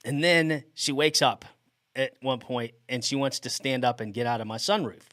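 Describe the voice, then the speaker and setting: A middle-aged man spins a story for his podcast in a relaxed, chatty way, and he keeps breaking into laughter as he talks. His voice sits at an ordinary, mid-range pitch. The recording is close and dry, with no room sound. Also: normal speed, no room sound. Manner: animated, laughs often mid-sentence. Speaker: podcast host. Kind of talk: casual storytelling.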